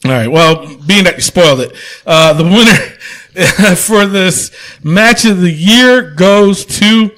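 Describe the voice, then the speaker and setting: A male podcast host with a slightly higher-than-average voice runs a relaxed wrestling chat. He jokes around, laughs easily and swears casually as he talks. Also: slow. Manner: loose, joking, laughs often, swears casually.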